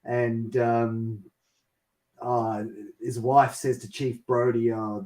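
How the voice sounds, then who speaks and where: Australian-raised man, middle pitch, halting casual chatter. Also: level tone, darkish tone, recorded from a distance, poor audio. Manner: hesitant, many fillers and restarts, laughs often. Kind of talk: casual chat.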